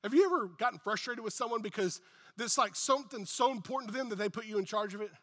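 A man with a high, bright voice preaches a sermon as pastor. His delivery is emphatic and repetitive, swelling and dropping in intensity. He is heard in an echoey church hall with a long reverb. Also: expressive, fast.

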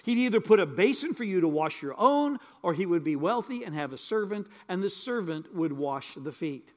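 Older guy preaching, kinda high voice, folksy, says stuff twice, big echoey hall. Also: very animated, moderate pace. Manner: folksy, repeats words for emphasis. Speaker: pastor. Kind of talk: sermon with storytelling.

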